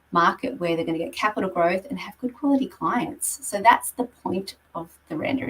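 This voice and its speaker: An Australian woman with a medium-pitched voice gives a conversational presentation on property marketing as a guest speaker, walking through her slides with frequent ums. She sits far from the mic, and the audio quality is poor.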